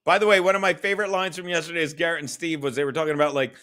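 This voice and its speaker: A man hosting a casual livestream show. His voice sits high and sharp-edged. He talks in a loose, profane way and reads viewer comments aloud. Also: steady tone, rapid-fire. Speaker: livestream podcast host.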